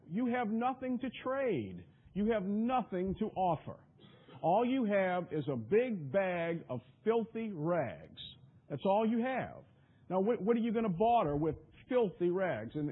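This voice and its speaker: A man's voice: high voice, slightly rough, phone-quality sound. A man preaching a sermon in an emphatic, repetitive way, often stumbling over his restarts.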